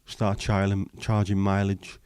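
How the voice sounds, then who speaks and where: Speaking a little slowly in a low, slightly mellow voice, this man keeps his delivery completely flat while he rambles and jokes with livestream viewers. His tone is clean, and the studio sound is clean with no echo.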